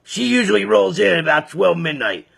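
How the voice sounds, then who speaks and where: A gruff farmer dad threatening the farmhands, as a man puts him on, gravelly raspy voice that stays high and tense. he sounds like he means it and won't back down. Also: animated, normal speed, a bit bright, exaggerated voice. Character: angry protective farmer father, middle-aged man.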